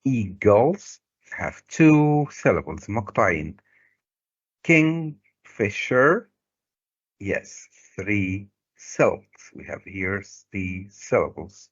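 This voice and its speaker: A middle-aged Egyptian man, a native Arabic speaker, teaching a recorded English lesson. He pulls words apart slowly to stress each syllable and sometimes explains in Arabic. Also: sits low, slightly rough, no room sound. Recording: dull, lo-fi dry recording.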